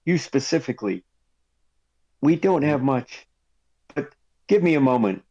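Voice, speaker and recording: A man's voice: mid-range voice, lively intonation, unhurried, a little mellow, muffled recording, voice pushed up. A man voicing an emotional male cleric who pleads with passion and breaks into sobs. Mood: grieving. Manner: sobbing, impassioned pleading.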